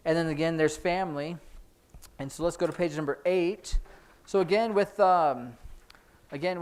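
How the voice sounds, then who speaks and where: A man teaching a casual sign language class in a church, explaining signs in a chatty, informal way with many fillers. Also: on the high side.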